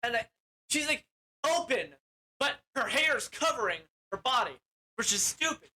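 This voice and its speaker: A man's voice: very high-pitched, very animated, a little slow, sharp tone. A young man giving a casual, rambling movie recap in crude language, with lots of "like" fillers. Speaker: movie reviewer.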